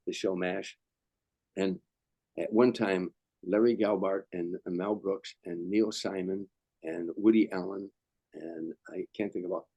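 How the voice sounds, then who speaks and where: Deep and mellow, this man's voice comes through a dry, low-quality recording. An older comedian appearing as a guest, he rambles through anecdotes, often repeating himself and starting sentences over.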